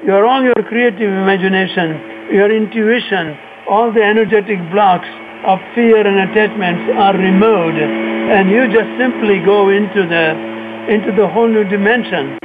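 High-voiced man on a tinny phone line. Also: noisy background. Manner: halting, restarts phrases, reflective. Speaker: yoga teacher and author. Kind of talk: radio interview answers.

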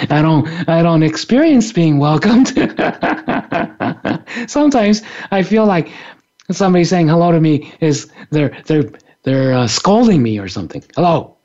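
Slow, animated man giving a spiritual talk. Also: a little high, highs cut off. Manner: playful, laughs often, acts out little scenes. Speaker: author and spiritual teacher. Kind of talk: reflective spiritual talk on a radio show.

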